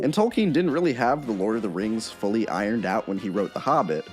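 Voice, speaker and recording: A man's voice: lowish voice, big pitch swings, fairly quick, few pauses, darkish tone. Sardonic male narrator over music. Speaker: video essay narrator. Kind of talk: scripted narration.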